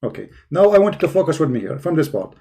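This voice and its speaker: A man hosting an online debate call, talking fast and pushing hard, breaking into Arabic recitation. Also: on the high side, big pitch swings, mellow. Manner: fast, pushy, switching between English and Arabic recitation. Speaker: debate host.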